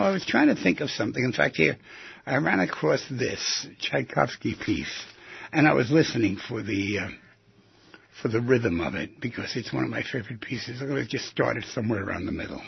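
A man's voice: mid-range voice, very animated, fairly quick, vocal fry, breathy edge, dry recording, lo-fi sound. A man hosting a talk show, musing aloud and asking the listener rhetorical questions. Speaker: radio show host. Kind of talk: reflective talk show monologue.

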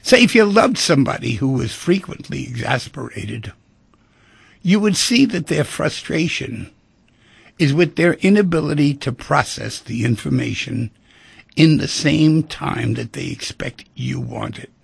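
With an expressive, unhurried delivery, the middle-aged radio host speaks in a medium-pitched, creaky, husky voice recorded without echo. He chats through feelings and relationships, performing the voices in little scenes.

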